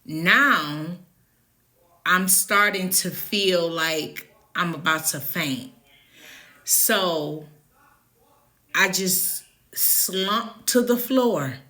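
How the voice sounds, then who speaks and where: Lively woman telling a story, bright voice. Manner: animated, emphatic storytelling that jumps high when indignant; drops to a hushed, low voice when recounting the tense moments. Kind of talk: casual storytime vlog.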